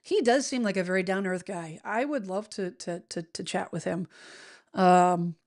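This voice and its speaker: A woman's voice: mid-range voice, normal speed, a little mellow. Middle-aged American woman, casual livestream host, rambling and chatty, reads comments aloud. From United States. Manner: chatty and rambling, many fillers and restarts. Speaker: real estate show host. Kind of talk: casual livestream chat reading viewer comments.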